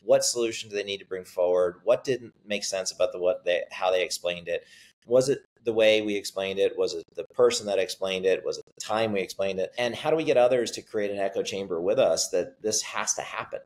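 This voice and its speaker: A middle-aged man with a fairly low voice answers an interviewer's questions. He tells business stories with animation and slips into little impressions of the people he quotes. He talks as a startup CEO would. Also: brisk, low-quality recording. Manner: animated storyteller, acts out quotes.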